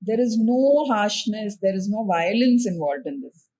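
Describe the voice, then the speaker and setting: A woman with an Indian English accent, a spiritual teacher and podcast guest, explaining practice patiently and slowing down gently when giving instructions. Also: mid-range voice, lively intonation, husky. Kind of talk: calm explanatory conversation.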